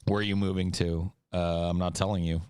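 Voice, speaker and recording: A man's voice: sits low, little pitch movement, brisk, darkish tone, clear, resonant tone, dry recording, clean studio sound. A man hosting a casual Q&A chat, joking and swearing in an offhand way. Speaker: host.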